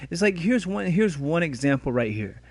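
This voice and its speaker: A man on a casual podcast who talks in a laid-back way and jokes with a deadpan delivery. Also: fairly high pitch, normal speed, dry recording. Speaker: podcast guest, YouTuber.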